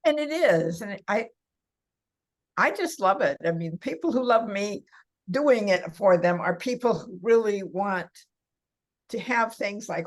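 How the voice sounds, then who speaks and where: An older woman from California is a guest in a casual podcast interview, chatting about massage work for seniors. She laughs often while telling stories, her mid-range voice expressive, gravelly, and moderately paced.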